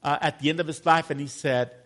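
Higher-voiced middle-aged male pastor preaching. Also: fairly even intonation, fast, a bit bright. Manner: conversational, addresses congregation with call-and-response questions. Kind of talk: sermon.

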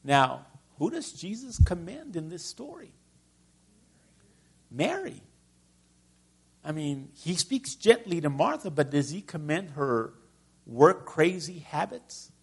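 A man's voice: on the high side, big pitch swings, slow, long pauses, slightly rough. A middle-aged man from Texas preaching a conversational sermon and asking his listeners questions. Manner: conversational, asks the congregation questions.

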